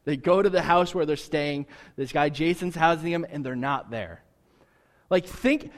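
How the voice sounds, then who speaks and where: A man preaching with a somewhat high voice that trails into a long hall reverb. He keeps it lively and playful, doubling back on his words as he goes. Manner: lively, joking, repeats words when restarting. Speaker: pastor. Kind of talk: sermon.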